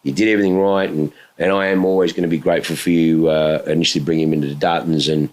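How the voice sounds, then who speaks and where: A man's voice: low-pitched, rapid-fire. A middle-aged man, telling a long story on a podcast, swearing freely and acting out sounds. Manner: swears freely, animated storyteller who mimics engine sounds. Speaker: podcast co-host.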